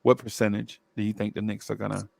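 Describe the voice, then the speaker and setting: Gravelly laid-back man chatting sports. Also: on the low side, flat delivery, quick pace, a little mellow. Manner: laid-back, talks in loose restarts. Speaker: podcast co-host. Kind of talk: casual sports chat.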